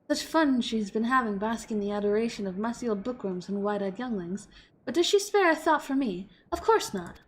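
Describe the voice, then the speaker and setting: A woman's voice: on the high side, lively intonation, fairly quick, a little hiss or hum, pitched below the performer's own voice, close to an everyday voice. A woman voicing a tiny, haughty female fairy ruler in a grand, playful, imperious way. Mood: haughty teasing.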